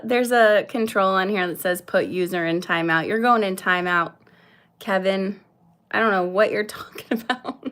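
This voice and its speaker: A woman's voice: mid-range voice, a bit bright. A woman in her thirties hosting her first casual livestream, chatting nervously and apologetically with lots of fillers while greeting viewers. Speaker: livestream host.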